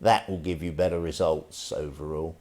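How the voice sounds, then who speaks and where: A man leading an online tai chi stretching class, calm and gentle with wry asides. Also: very deep voice, moderate pace. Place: indoors at home, live stream.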